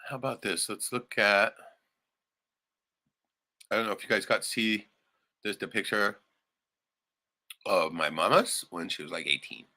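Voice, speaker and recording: A man hosting a casual livestream, rambling and swearing often, suddenly turning loud and excited. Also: lowish voice, a little slow, long pauses. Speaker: livestream host.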